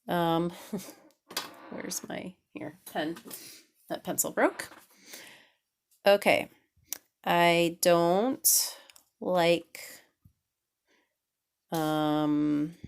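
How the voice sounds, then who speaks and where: A woman teaching English grammar at a slow, deliberate pace. Her voice sits a little low. She reads example sentences aloud and checks in with "okay?" after each point. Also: a bit bright. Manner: patient, checks in with "okay?" often. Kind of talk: grammar lesson at a whiteboard.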